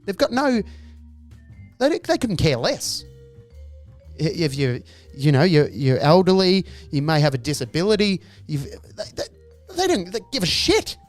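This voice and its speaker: A man's voice: on the high side, huge pitch swings, unhurried, faint music behind. A man giving a profane, exasperated comic monologue as a podcast host and stand-up comedian. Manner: exasperated ranting, profane, acts out noises.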